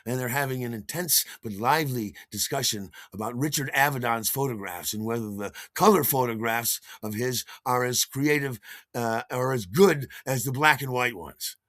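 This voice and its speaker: A man's voice: medium pitch, moderate pace, fairly bright tone, no echo, studio quality. A man telling a personal story in an enthusiastic, theatrical way as a podcast host, scatting rhythms along the way.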